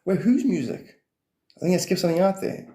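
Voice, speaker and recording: A man's voice: sits high, sing-song, fairly quick, warm tone, roomy sound. A man rambling through casual livestream chat about spirituality, swearing freely and laughing often.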